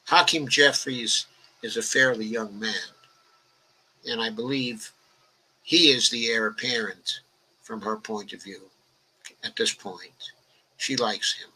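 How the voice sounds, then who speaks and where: A man's voice: mid-range voice, slow, long pauses, bright, forceful tone, breathy edge, low-quality recording. An elderly man, hosting a political livestream. He reads out viewer comments and answers them in a rambling, conversational way full of "okay" and "uh". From New York, the Bronx. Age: 80s.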